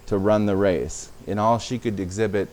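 Low-voiced guy giving a sermon to his church, chatty and loose. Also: fairly even intonation, moderate pace, darkish tone. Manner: conversational preaching with repetitions. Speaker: pastor.

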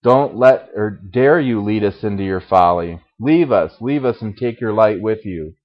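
A man's voice: on the low side, lively intonation, measured pace, muffled recording. A man voicing an angry, fearful male cave dweller, speaking sharply and scolding, read aloud in a sermon.

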